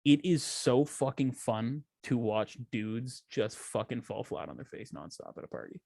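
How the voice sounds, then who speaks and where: A young man co-hosting a casual podcast chat, animated and profane, acting out little scenes as he talks. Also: mid-range voice, normal speed, gravelly, no room sound, studio quality. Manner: animated, acts out quoted voices, swears a lot. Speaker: podcast co-host.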